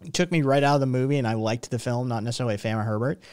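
The stream host is a young adult man whose medium-pitched voice races along, darkish yet clear and resonant. He rants casually and profanely, rambling with lots of restarts in an exasperated way. The studio-quality recording has no room sound.

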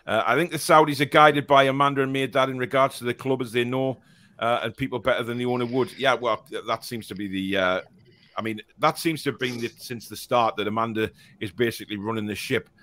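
A man's voice: medium pitch, steady tone, a little fast, a bit bright. A man hosting a live fan stream, reading out comments with sarcastic, mock-exasperated asides. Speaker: host reading viewer comments. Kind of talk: casual live-stream chat.

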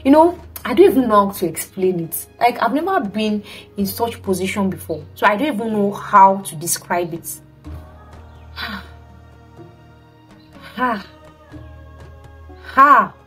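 A woman's voice: medium pitch, a little slow, long pauses, husky, faint music behind. A young woman, a teacher telling a dramatic story in a casual vlog, full of exclamations and acted-out quotes. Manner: animated and dramatic, acting out quotes with many exclamations. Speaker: teacher and vlogger.

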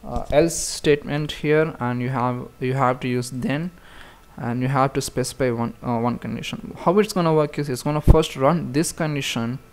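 A man's voice: mid-range voice, normal speed. Guy doing a chill coding tutorial, lots of uh and restarts, normal mid voice. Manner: casual, talks through steps with many fillers and restarts. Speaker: programming tutor. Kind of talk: screen-recorded coding tutorial.

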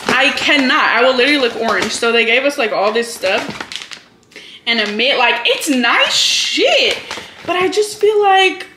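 A woman in her twenties, from Hawaii, chatting fast and heatedly to camera in a casual vlog, full of profane storytelling. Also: sits high, sing-song. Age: 20s. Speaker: vlogger. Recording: echoey room with faint noise.

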